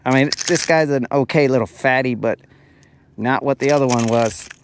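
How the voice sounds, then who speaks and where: A man's voice: mid-range voice, moderate pace, noisy background. A young man casually talking to viewers while fishing, joking around in playful, slangy banter. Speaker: fishing vlogger.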